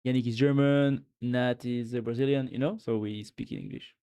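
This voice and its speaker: A man's voice: medium pitch, steady tone, moderate pace, warm tone, smooth. Male streamer with a French accent, loose and rambling, answers chat and thanks followers, casual live chat. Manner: chatty, reads chat aloud and thanks followers; rambling, with fillers and giggles.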